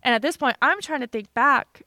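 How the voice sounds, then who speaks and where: Woman podcast co-host, high and smooth, dry close mic, lively storyteller with a quick laugh. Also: no room sound. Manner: animated, acts out quoted voices, laughs often. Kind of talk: casual chat, storytelling.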